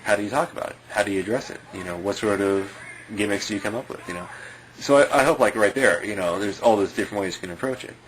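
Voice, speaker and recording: Male commentator, lowish voice, easygoing rambling chat full of asides. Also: quick pace, a little hiss or hum, rough recording. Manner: rambling, heavy on fillers, chuckles often. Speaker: video commentator.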